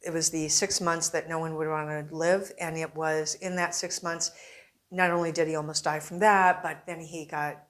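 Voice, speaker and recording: A woman newspaper reporter, a guest on an interview show, telling animated anecdotes and acting out quotes in casual conversation. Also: low voice, moderate pace. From Arizona.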